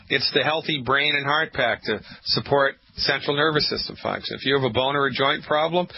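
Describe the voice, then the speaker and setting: A man's voice: medium pitch, gravelly, husky. A man hosting a call-in radio health show, emphatic and preachy, repeating lines for effect. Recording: muffled lo-fi radio audio.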